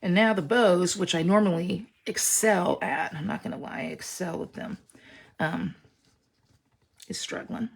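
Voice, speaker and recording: A woman's voice: fairly low pitch, normal speed, gravelly, husky. A woman leading an online stamping class in a casual, chatty way, talking directly to viewers and reassuring them as she works. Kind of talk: casual craft demonstration.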